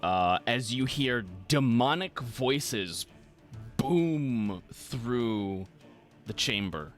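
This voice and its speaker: Male dungeon master, lively pitch, patient rules explainer, faint music behind. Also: extremely slow. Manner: rules-focused, explanatory, laughs easily. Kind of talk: running a live tabletop game.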